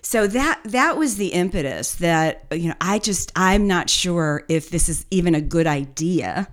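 With an expressive, fairly low voice and a measured pace, a woman tells her story as co-host of a business podcast. The talk is casual and easygoing, sprinkled with fillers and soft laughs.

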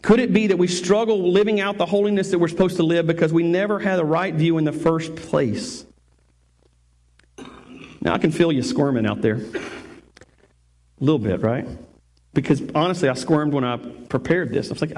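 A male pastor delivers a sermon in a lively, chatty, joking way. His voice sits a bit high and has a husky edge. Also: brisk. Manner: animated, conversational, jokey preaching.

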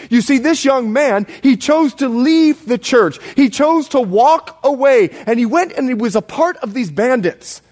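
A man from the Bahamas preaching a sermon, his voice sitting high with wide, lively swings of pitch. He tells stories with emphasis, dropping to hushed low lines for weight and rising again for punch. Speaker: pastor.

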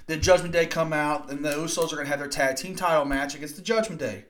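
Guy in his 20s rambling excitedly on his podcast, kinda higher voice, cussing here and there. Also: fast, hardly any pauses, a little hiss or hum. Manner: rambling, excitable, profane storytelling. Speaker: podcast host. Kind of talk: casual wrestling recap podcast.

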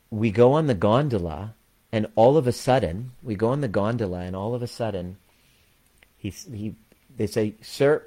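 A man with a deep, low voice tells a personal story in a relaxed monologue. He talks candidly and earnestly and swears freely along the way. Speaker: former chiropractor, community leader.

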